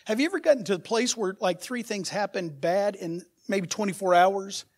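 Speaking at normal speed in a high voice, a man preaches as pastor. He asks his congregation rhetorical questions, moving from quiet asides to loud, emphatic outbursts.

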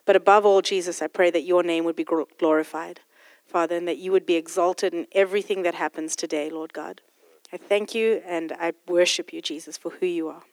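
A woman's voice: fairly low pitch, steady tone, fairly quick, darkish tone, no room sound. A woman leading a fervent spoken prayer in church, often repeating "Lord God".

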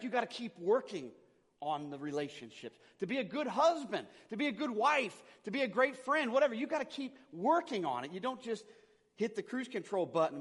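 A man, a pastor, preaching a conversational sermon that swings between loud emphasis and quiet, intimate asides. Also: sits high, slightly rough. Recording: long hall reverb.

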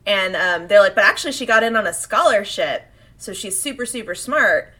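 Bright-voiced chatty woman. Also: medium pitch, fairly quick. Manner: animated, laughing, acts out quotes. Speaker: podcast co-host. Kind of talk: casual chat comparing anime versions.

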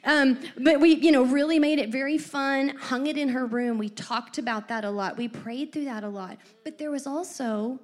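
A middle-aged woman co-hosting a faith-based parenting chat, telling stories with lively asides. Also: high voice. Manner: animated storyteller with lively asides.

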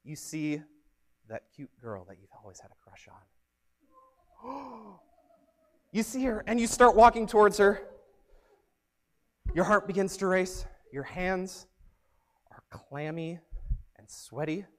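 A young man preaching as a youth pastor, telling stories in an upbeat, energetic way. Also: high-pitched, slow, pauses often. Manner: upbeat, energetic, animated storyteller. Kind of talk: youth sermon with storytelling.

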